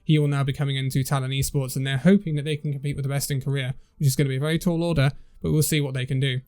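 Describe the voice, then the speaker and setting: A man's voice: medium pitch, little pitch movement, racing, a little mellow. A man hosting a casual esports news roundup, chatty and tripping over player names as he reads through the list.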